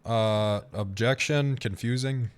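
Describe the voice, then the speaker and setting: Brief: male streamer voicing a defense lawyer in role-play court, casual, joking, mid-pitched. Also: takes it slowly, clean tone.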